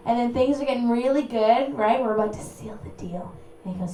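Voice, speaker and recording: A young woman performing a stand-up comedy set in an apartment, with a brassy, punchy delivery and sudden loud bursts. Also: fairly high pitch, brisk, heavy background noise. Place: small apartment room with a live audience. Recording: echoey room recorded from far off. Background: audience laughter.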